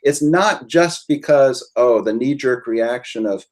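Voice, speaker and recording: A man speaking as an attorney guest on a webinar, measured and explaining legal outcomes step by step. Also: medium pitch, darkish tone.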